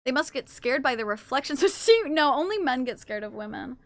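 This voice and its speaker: A young adult woman streaming live, chatting casually with her chat. She teases and swears and reacts quickly to what chat says. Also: sits high, big pitch swings. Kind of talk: casual livestream chat, reading and answering chat.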